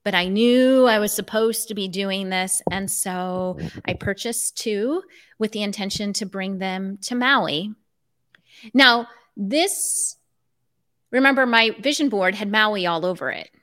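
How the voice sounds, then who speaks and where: A woman's voice: mid-range voice, measured pace. A middle-aged woman, a life coach, telling a personal story in conversation and acting out remembered dialogue. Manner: animated, acts out remembered dialogue.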